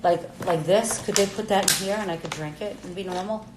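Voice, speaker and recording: Middle-aged woman, lowish voice, blunt casual storytelling, swears a lot, noisy kitchen livestream. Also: a little fast. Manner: chatty, blunt, swears freely, acts out quoted dialogue. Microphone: phone livestream.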